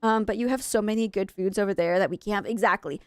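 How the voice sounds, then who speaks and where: A woman's voice: mid-range voice, quick pace, clean tone, no echo. A young woman from Maine chatting casually with viewers while she streams a game, wistful and rambling, often correcting herself mid-sentence. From USA (Maine).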